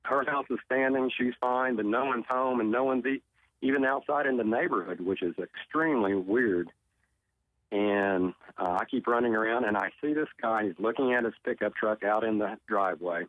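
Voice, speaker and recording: Over a tinny phone line, a man from Oklahoma speaks at normal speed in a mid-range voice with no room sound. Appearing as a talk show guest, the tornado survivor earnestly tells a personal story, often repeating his words.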